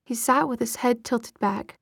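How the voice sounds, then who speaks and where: Woman narrator, whispered audiobook reading, husky airy tone, dry close sound. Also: fairly high pitch, unhurried, dry recording. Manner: soft, breathy whisper.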